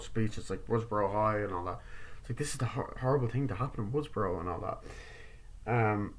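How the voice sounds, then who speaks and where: Rambling young man reviewing a movie. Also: fairly low pitch. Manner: rambling, acts out characters' lines in quick impressions; heavy use of filler words like "like" and "you know". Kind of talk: casual film review vlog.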